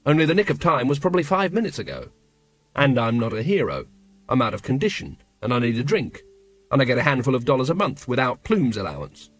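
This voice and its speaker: A man's voice: mid-range voice, very animated, fast. A man doing a weary, breathless watch captain. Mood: bitter desperation. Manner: wild, bitter inner monologue.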